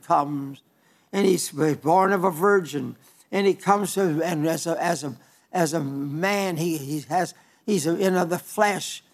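High-voiced older preacher, folksy and halting. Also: male voice. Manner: stumbling, restarts words, homespun storytelling. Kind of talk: folksy sermon.

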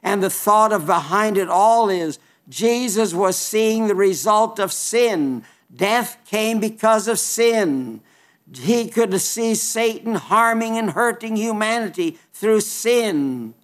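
A man preaching a sermon, emphatic and folksy, quoting scripture in King James wording and dropping into low, wry asides. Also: expressive, takes it slowly.

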